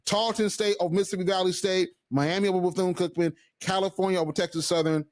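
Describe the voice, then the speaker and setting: Animated male sports podcast co-host. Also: high-pitched, fast talker. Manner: animated, emphatic, with frequent restarts and asides. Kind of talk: casual sports talk.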